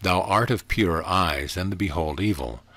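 A man with a deep voice reading the lines of a calm, earnest young woman who explains her faith gently and steadily, recorded dry. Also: moderate pace, no echo.

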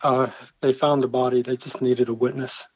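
A man's voice: mid-range voice, level tone, normal speed, darkish tone, no echo. A man, a church pastor and former Marine, telling a personal story in an interview, vividly acting out the dialogue he quotes. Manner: earnest, vivid storyteller who acts out his own quoted dialogue. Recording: dull, slightly lo-fi dry recording.

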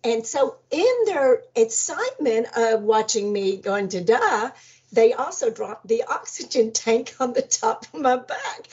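Husky older woman telling a story. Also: on the high side, measured pace. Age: 70s. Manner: animated storyteller, acts out voices, laughs often. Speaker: energy healer guest. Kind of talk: storytelling about a near-death experience. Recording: dull lo-fi audio.

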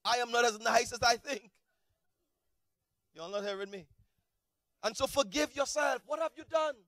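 A man preaching a sermon as a pastor, animated, swinging between shouted peaks and low, quiet asides. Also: normal speed, no room sound.

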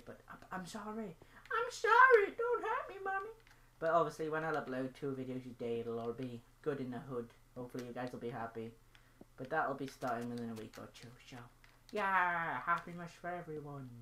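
Low-voiced, rambling woman gamer. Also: slight background noise. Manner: rambling, silly and playful, chatting while playing. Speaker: gaming channel host. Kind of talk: casual gaming vlog commentary.

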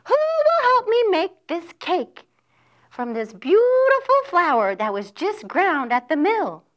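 A woman voicing a hardworking, fed-up hen in a children's story, in a high, chirpy, emphatic voice. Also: huge pitch swings, slow pace, exaggerated voice. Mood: bossy.

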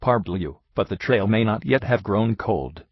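Man reading an eager French doctor, low and husky, quick bursts. Dull dry sound. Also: no echo. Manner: quick, excitable.

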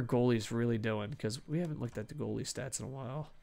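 A man casually commenting over a hockey video game, excitable, swearing often and talking to himself. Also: medium pitch, fast talker, vocal fry. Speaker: gaming streamer.

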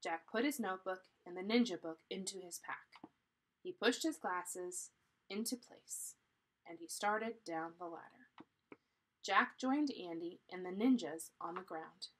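A woman reading a children's chapter book aloud in a deliberate, teacherly way, pausing to explain. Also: fairly low pitch, a bit bright, rough recording. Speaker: storybook reader.

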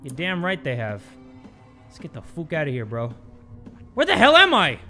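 A bright, high-pitched man commentating on a horror game, with a very lively voice that swings between low mutters and loud yelps. He swears freely and reacts fast to what happens on screen. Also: faint music behind. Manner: excitable, swearing, jumping to yelps. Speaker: gaming video host.

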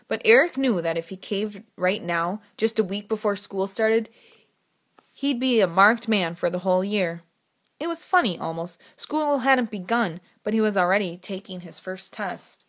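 An audiobook narrator with a medium-pitched voice reads a novel from a script. Her delivery is measured and expressive, in a storytelling style.

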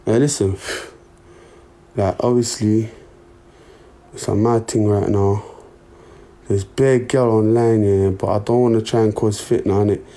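A man's voice: on the low side, fairly even intonation, a little slow, long pauses, dark tone. A young man chatting casually and in to his livestream viewers on a phone mic. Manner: laid-back, slangy, talks to his chat.

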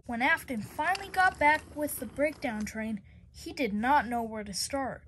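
A woman's voice: high voice, moderate pace, fairly bright tone, a little hiss or hum. A young woman narrating a homemade toy-train story in plain, repetitive phrasing.

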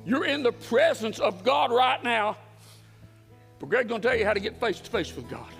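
A man preaching a folksy, earnest sermon in a church, emphatic and sometimes dropping to a hush. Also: very high-pitched, expressive, moderate pace, vocal fry. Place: church sanctuary. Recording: reverberant church hall with soft guitar.

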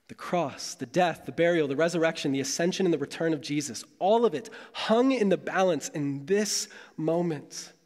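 A male pastor with a slightly high voice delivers his sermon in a measured, dramatic way, leaning into long pauses. His voice carries a lingering reverb from the hall around him. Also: a little mellow.

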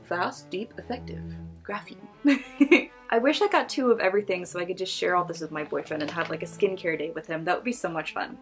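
A woman's voice: lowish voice, fast, soft background music. A young woman vlogger casually unboxing beauty products, gushing and giggling as she reads labels aloud.

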